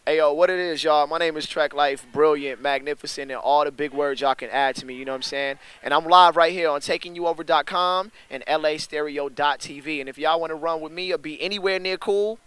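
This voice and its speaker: Animated slangy man, dry close sound. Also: fairly high pitch, brisk, few pauses, clear, resonant tone, no room sound. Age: young adult. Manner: animated, slangy, voice jumps up when excited. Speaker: rapper being interviewed. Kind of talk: casual storytelling interview.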